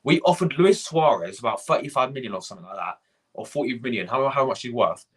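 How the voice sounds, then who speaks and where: A man's voice: mid-range voice, lively intonation, fast, slightly rough. A young man hosting a fan live stream, ranting, swearing and repeating himself while greeting viewers from the chat. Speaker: fan channel host.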